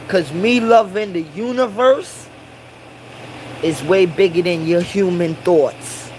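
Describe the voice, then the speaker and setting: Man, high pitch, slow unhurried delivery, preachy Rasta-slang monologue that repeats its points, faint hum behind. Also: a little mellow, rough recording. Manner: Rasta slang and Caribbean English grammar. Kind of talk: casual monologue.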